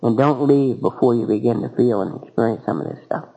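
A man's voice: medium pitch, a little fast, warm tone, husky, rough recording. A man speaking at a recovery meeting, telling a personal story in an earnest, folksy and candid way.

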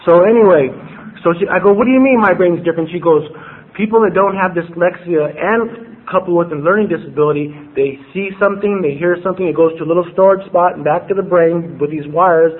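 A man with a notably high voice talks through his recovery story, circling back and tripping over repeated words as he quotes old conversations. The audio is thin and tinny, like it came over a phone line. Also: a little fast. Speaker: recovery meeting speaker. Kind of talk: personal testimony at a recovery meeting.

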